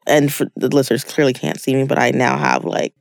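A woman co-hosting a podcast, reacting quickly and chatting in a lively, casual way. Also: very deep voice, vocal fry, no echo, studio quality. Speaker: podcast co-host. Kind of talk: casual chat.

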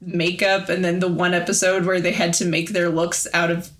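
A woman's voice: lowish voice, little pitch movement, normal speed. A young woman co-hosting a podcast, chatting casually and explaining things in detail with lots of "like". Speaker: podcast co-host. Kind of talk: casual chat.

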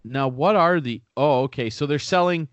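A man's voice: a little high, normal speed, dry recording, dull audio. A young man co-hosting a casual podcast, rambling, swearing freely and poking fun at himself. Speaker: podcast co-host.

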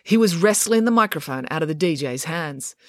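A woman narrating a children's story with an expressive, storyteller's delivery. Her pitch moves a lot through each sentence. The recording is dry and close, with no room sound. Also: fairly quick, dry recording.

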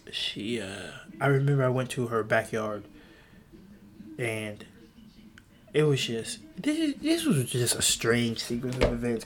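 A young man rambles through a solo podcast from a room at home, his pitch jumping all over as he talks. He is loose, profane and quick to mock himself, with a middle-pitched voice. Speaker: podcast host.

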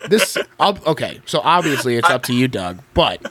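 A man hosting a podcast, reading a choose-your-own-adventure book aloud in an expressive way and breaking off to chat. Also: mid-range voice, normal speed, slightly rough, dry recording. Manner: expressive reading with frequent laughs. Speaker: podcast host.

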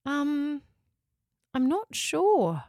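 A woman voicing a doubting but warm-hearted mother in a children's story, speaking carefully. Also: sits high, sing-song, extremely slow, no room sound, studio quality, voice pushed up, full character voice. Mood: doubtful.

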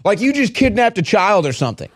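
A male talk show host in a studio, mocking and animated, acting out the people he quotes. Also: high voice, fast talker, noisy background. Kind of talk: heated political talk.

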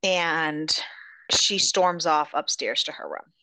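A woman's voice: low voice, slow pace, pushed and bright, no room sound. A woman hosting a podcast, casually recapping a novel's plot, swearing freely and retelling scenes. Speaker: podcast host. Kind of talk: casual book recap chat.

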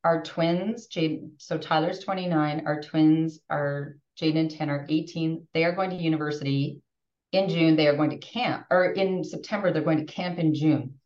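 Animated woman in her fifties, echoey and distant. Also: deep voice, normal speed. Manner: animated, emotional, frequent restarts. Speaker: podcast guest. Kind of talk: casual podcast conversation. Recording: distant roomy muffled remote audio.

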